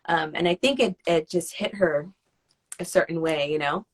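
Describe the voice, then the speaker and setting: A young woman, a singer, chatting casually in an interview and acting out the people she quotes. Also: normal speed. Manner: animated, acts out quoted phone calls with high excited voices. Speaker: guest singer.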